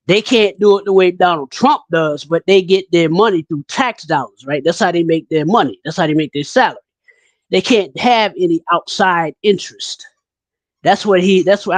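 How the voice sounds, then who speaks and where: A man's voice: sits high, moderate pace, no room sound. A man co-hosting a casual talk stream, reading viewer comments and rambling with lots of repeated words. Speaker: podcast co-host.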